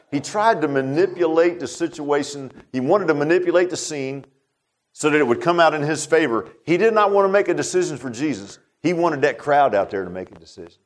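A man preaching a sermon in a folksy way, building to loud exhortations and dropping to hushed, low tones.

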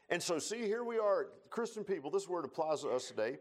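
A man preaching a folksy sermon, telling stories and building to loud emphatic points. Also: high voice, expressive, a little fast, hardly any pauses. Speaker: pastor.

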